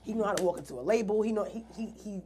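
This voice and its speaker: A woman's voice: mid-range voice, racing, dark tone, a little hiss or hum. A woman earnestly telling her own story in an interview, acting out the quoted dialogue with animation. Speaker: guest artist.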